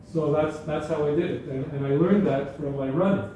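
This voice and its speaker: Man, guest speaker, conversational, self-correcting, mellow tone, heard from a distance in a very echoey room. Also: fairly high pitch, moderate pace. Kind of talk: informal talk to an audience. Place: hall at a school gathering. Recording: echoey room, speaker far from mic, faint background noise.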